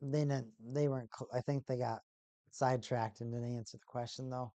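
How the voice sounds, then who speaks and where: Hosting a livestream watch party, a man gives casual play-by-play of a hockey game in a medium-pitched voice at a slightly quick pace. He's excitable and gets loud when big plays happen, and there's no room sound.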